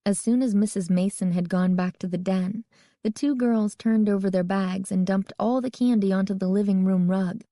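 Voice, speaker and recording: A woman's voice: mid-range voice, fairly even intonation, normal speed, mellow, dry recording. Woman narrating an audiobook, dry sound. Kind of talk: scripted narration.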